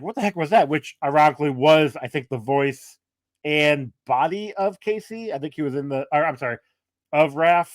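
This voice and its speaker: A man's voice: on the high side, dry recording, clean studio sound. A man co-hosting a casual movie-review podcast, telling rambling stories and correcting himself as he goes. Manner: rambling, self-correcting storyteller. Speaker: podcast co-host.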